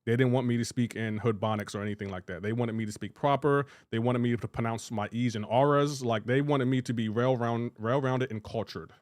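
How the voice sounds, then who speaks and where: Guy from delaware rambling to his stream chat, mid pitch, dry close sound. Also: fairly even intonation, a little fast, few pauses, a little mellow, no echo. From Delaware, USA. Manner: chatty, rambling, restarts sentences, answers chat. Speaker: game streamer. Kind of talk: casual live-stream chat.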